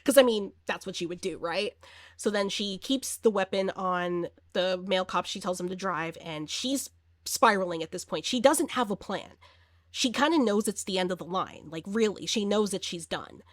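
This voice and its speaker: A woman recaps a horror movie plot in a loose, chatty way, full of fillers and little acted-out bits of dialogue. Her pitch sits in a middling range. The sound is dry and close, with no room echo. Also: moderate pace. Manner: chatty and animated, acts out quoted lines, many fillers. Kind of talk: casual spoken movie recap.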